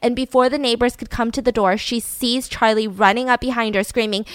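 A woman's voice: fairly high pitch, fairly quick, hardly any pauses, smooth, no room sound. Casual woman recounting a true crime. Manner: animated, swearing, frequent fillers and "right?" check-ins. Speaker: podcast host.

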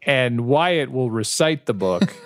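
Man, podcast co-host, wry storytelling, mid-pitched voice, very dry close sound. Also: no echo. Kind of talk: casual chat.

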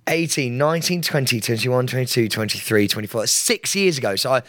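A man, co-hosting a casual chat podcast and often breaking into excited yelps and laughter. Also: medium pitch, brisk, dry recording, studio quality. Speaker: podcast co-host.

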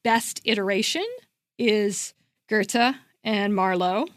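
A woman co-hosting a podcast, talking in a casual, emphatic way and circling back on her points with plenty of "like." Her voice sits at a middle pitch. The sound is dry and close, with no room echo. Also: takes it slowly. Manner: emphatic, repeats herself, frequent "like". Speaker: podcast co-host.

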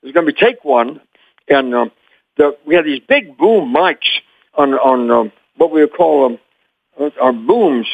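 An older man from Memphis, Tennessee, telling animated stories as an interview guest and chuckling often. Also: on the high side, vocal fry, no room sound, phone-quality sound. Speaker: guest, former child actor. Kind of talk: anecdotal storytelling.

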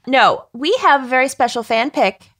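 A woman co-hosting a casual podcast chat, unhurried and laughing easily. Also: high-pitched, fairly bright tone, no room sound, studio quality. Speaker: podcast co-host.

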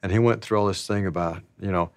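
A man telling stories about his past in a slow, rambling, casual way, laughing often. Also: deep voice, steady tone, smooth, no room sound. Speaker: interviewee. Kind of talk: casual storytelling.

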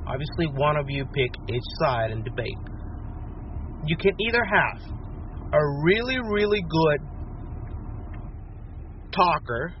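A playful man asks a long question in a casual recorded message, his voice pitched a little above most men's. The sound is dull and lo-fi, with faint noise underneath. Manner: playful, sprinkles in Spanish greetings. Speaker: caller sending a recorded question.

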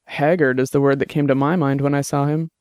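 A composed female captain, matter-of-fact and calm, as a man reads her. Smooth, resonant delivery with a close, dry sound. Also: medium pitch, brisk, no echo, lightly acted.

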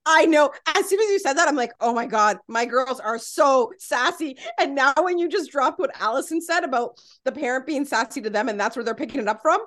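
A woman in her thirties hosting a casual parenting chat, animated and quick to exclaim and laugh. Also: sits high. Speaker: host.

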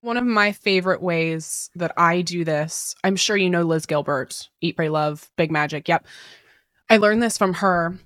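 A woman's voice: fairly low pitch, unhurried, a bit bright, no room sound. A woman hosting a podcast, chatting animatedly and acting out her own inner dialogue. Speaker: podcast host. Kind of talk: casual podcast chat.

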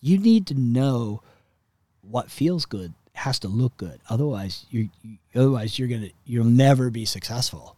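A man mimicking his blunt, gruff father. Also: medium pitch, animated, normal speed, no echo, natural voice. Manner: blunt, yelling.

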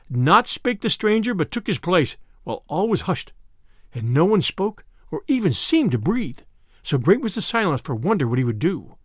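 A man narrating a classic storybook tale in an expressive reading of archaic prose. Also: sits high, normal speed, dry recording, clean studio sound.

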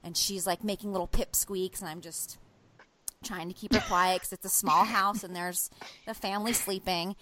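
A woman in her thirties telling a story as a podcast co-host, animated and swearing, acting out what she said. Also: medium pitch, moderate pace, a little hiss or hum. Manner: animated, swearing, acts out quotes. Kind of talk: casual storytelling chat.

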